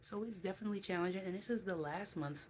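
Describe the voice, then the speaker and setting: A woman's voice: medium pitch, fast, a little mellow, a little hiss or hum, rough recording. A woman talking candidly to her viewers in a casual vlog, in an emotional, chatty way. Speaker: vlogger.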